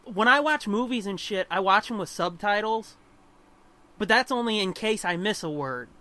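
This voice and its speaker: A man's voice: high-pitched, animated, moderate pace, bright, forceful tone. A man co-hosting a podcast in casual chat, ranting profanely and animatedly. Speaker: podcast co-host.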